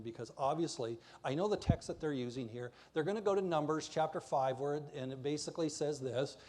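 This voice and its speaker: A man delivers a sermon in a church, speaking with a slightly raised pitch. His manner is passionate and emphatic as he presses his points home. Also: a little fast, hardly any pauses, a little mellow. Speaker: preacher. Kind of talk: sermon with slides.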